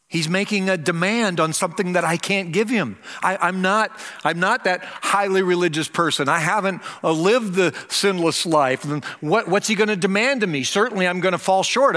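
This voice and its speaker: An older male pastor delivers a Christmas sermon from the pulpit, his voice high-pitched and bright. He preaches earnestly and lets key phrases stretch out slowly. The sound carries a long reverb from the church around him. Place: church sanctuary.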